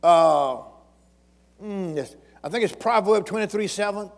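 A pastor with a high-pitched voice and vocal fry delivers a sermon a little slowly in a large hall. He repeats phrases and calls out questions to the congregation.

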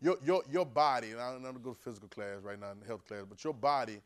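A man preaching to a class in a loose, conversational way, often asking "right?" as he goes. He drops to a low murmur and then breaks into sudden loud bursts. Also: quick pace. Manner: call-and-response, keeps asking "right?". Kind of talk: conversational sermon.

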